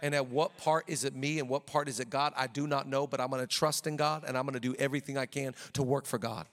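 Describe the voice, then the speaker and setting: A male pastor preaching a sermon in a church, energetic and emphatic, rallying the congregation. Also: medium pitch, fast, big-room sound.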